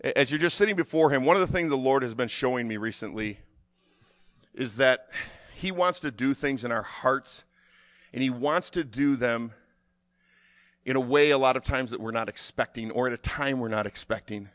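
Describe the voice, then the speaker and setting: A man preaching and praying in a fervent sermon, often halting and repeating words as he leads an altar call. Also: medium pitch, fairly bright tone, dry recording, studio quality. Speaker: pastor.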